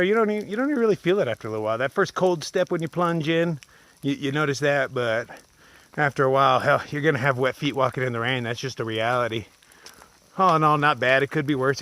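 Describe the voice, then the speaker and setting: A man's voice: medium pitch, a bit bright, a little hiss or hum. Laid-back swearing man hiking outdoors. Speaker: solo long-distance hiker. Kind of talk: casual vlog chat. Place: outdoors on a forest trail.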